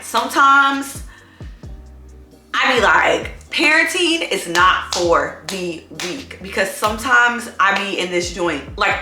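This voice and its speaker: A woman's voice: medium pitch, echoey room. A woman who is a single mom chatting casually to camera in a vlog, telling stories in a rambling way full of "like".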